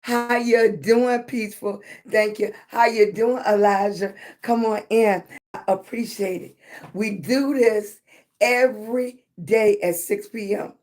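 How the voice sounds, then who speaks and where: A middle-aged woman with a hoarse, raspy voice hosts a casual livestream and talks at an unhurried, slow pace. She greets her viewers one by one and speaks to them affectionately and encouragingly. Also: mid-range voice, steady tone, a little mellow. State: hoarse, voice not fully back. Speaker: livestream host.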